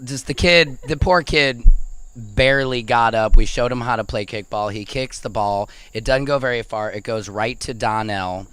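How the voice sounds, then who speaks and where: A man's voice: normal speed, a bit bright, clear, resonant tone, no echo. A man, a guest on a podcast, telling a comic story in casual chat. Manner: comic storytelling, high squeaky voice for quoted lines.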